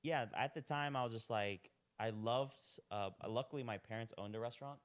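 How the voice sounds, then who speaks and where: A man's voice: mid-range voice, fairly quick, clean tone. A young man telling his story as a podcast guest in a laid-back, rambling way, full of "like". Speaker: podcast guest, restaurant owner. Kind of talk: casual chat.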